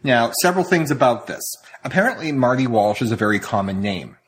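A man's voice: medium pitch, very animated, a little fast, a little hiss or hum. A man hosting a casual podcast who rambles, restarts and interrupts himself as he talks. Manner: rambling, self-interrupting storyteller. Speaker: podcast host. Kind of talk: casual chat.

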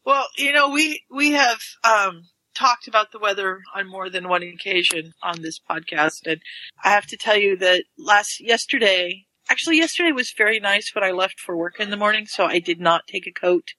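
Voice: mid-range voice, expressive, moderate pace, sharp tone, no room sound, low-quality recording. A podcast co-host telling everyday stories in chatty detail during casual conversation. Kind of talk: casual chat.

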